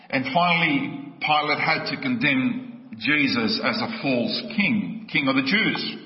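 An impassioned man preaching a sermon, his voice sitting a little high. He presses his points with pointed questions. The recording is dull and distant, with a long echo from a church hall. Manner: impassioned, rising to emphatic questions. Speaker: pastor. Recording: echoey hall, distant mic, dull sound.

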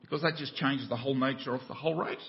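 Australian pastor preaching in a reverberant church. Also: male voice, very fast, gravelly. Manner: preaching with a joke, voices climbing high in the tale. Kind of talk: sermon. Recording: dull church recording with long reverb.

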